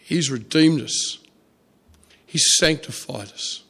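A man preaching a sermon, telling a story softly with fillers and restarts. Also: fairly high pitch. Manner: storytelling, soft and halting with fillers.

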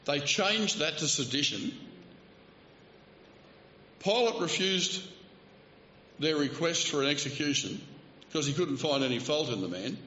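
A man's voice: a little high, lively intonation, measured pace, long pauses, bright, forceful tone, a little hiss or hum. A male preacher delivering a sermon, telling the story vividly and acting out the quoted speech, with light asides. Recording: roomy hall, slightly dull sound.

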